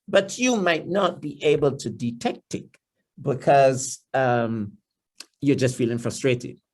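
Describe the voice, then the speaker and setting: Trinidadian man giving a church talk. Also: takes it slowly. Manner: repeats words and restarts, acts out inner thoughts in a lower softer voice. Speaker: guest speaker at a church family life series. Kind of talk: seminar-style talk in church.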